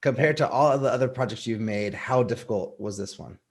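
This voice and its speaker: Man, podcast co-host, mid pitch, casual joking questions. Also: brisk, slightly rough.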